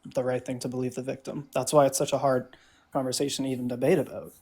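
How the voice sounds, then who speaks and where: A man's voice: mid-range voice, little pitch movement, fast talker, darkish tone, husky. Hesitant young man stumbling through a debate. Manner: hesitant, stumbling, lots of fillers and restarts. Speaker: guest caller in a debate. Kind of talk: casual debate on a call.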